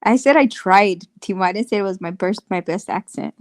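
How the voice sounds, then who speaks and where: A woman's voice: mid-range voice, fairly quick, no echo, studio quality. A woman chatting playfully in a group voice chat, swearing casually. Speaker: voice chat participant.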